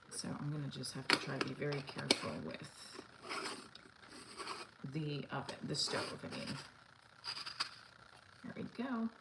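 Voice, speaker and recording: A woman's voice: sits low, animated, measured pace, vocal fry, pauses often, very noisy. A woman in her thirties chatting casually to viewers in a home kitchen while making coffee, rambling and talking as she works. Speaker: vlogger. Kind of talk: casual livestream chat.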